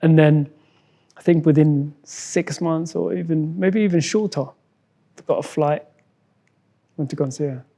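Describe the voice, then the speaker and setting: A man from Somalia, a guest in an interview, telling a personal story in a halting way, repeating words and acting out what others said. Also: fairly high pitch, dark tone. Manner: halting, repeats words, acts out quoted dialogue.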